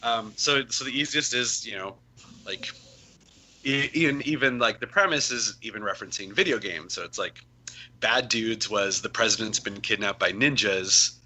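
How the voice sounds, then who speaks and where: A man's voice: fairly low pitch, moderate pace, sharp tone, rough recording. A man, a comic writer on as a guest, chatting casually and rambling with lots of fillers. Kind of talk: casual chat.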